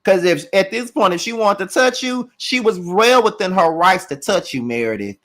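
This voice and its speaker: A man with a high, ringing voice reviews a reality TV episode. He rants, swears freely and talks straight to his viewers. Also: expressive, normal speed, fairly bright tone. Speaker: show recap host. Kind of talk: heated reality TV review rant.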